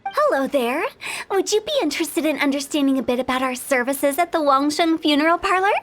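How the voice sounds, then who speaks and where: A woman's voice: high voice, expressive, a little fast, a bit bright. A woman voicing a playful, mischievous young funeral director with cheeky sales patter, over game music. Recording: game soundtrack playing under voice.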